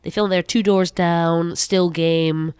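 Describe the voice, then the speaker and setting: A woman with a Scottish accent who works as a local radio presenter, chatting in an interview in an animated way and fond of doing voices. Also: fairly low pitch, takes it slowly, clean tone, dry recording. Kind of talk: casual interview chat.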